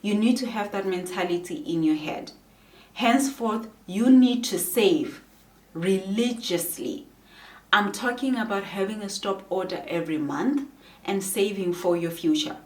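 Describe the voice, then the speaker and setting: A woman vlogger giving advice in a casual, earnest way, pausing often with ums. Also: mid-range voice, a little mellow. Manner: earnest, measured, frequent ums. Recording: roomy echo, distant from the mic.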